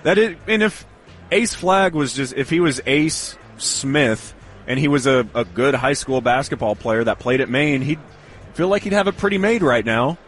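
A man's voice: medium pitch, normal speed, fairly bright tone, soft background music. A man co-hosting a casual sports talk show, chatting and joking in easy banter. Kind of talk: casual sports radio chat.

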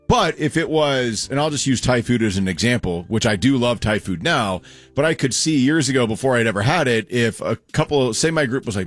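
A man in a casual co-host conversation, often restarting his sentences and acting out quoted exchanges. His voice rises and falls a lot in pitch. Faint music sits under the talk. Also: expressive, a little fast. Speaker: podcast co-host. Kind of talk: casual chat.

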